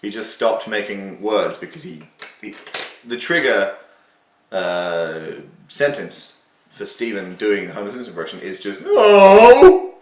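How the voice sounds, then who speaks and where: A man's voice: low voice, a little slow, reverberant, far from the mic, background noise. A man hosting a casual, self-mocking commentary on his own old video, sarcastic and swearing freely.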